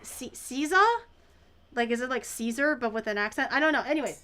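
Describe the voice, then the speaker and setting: Woman, livestream host, casual rambling chat, exaggerated reactions, higher voice. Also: racing, fairly bright tone, smooth. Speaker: streamer cooking live.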